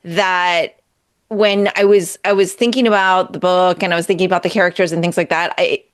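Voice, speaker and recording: A woman hosting a podcast interview, laughing often and asking long, rambling questions in a casual way. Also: mid-range voice. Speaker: podcast host.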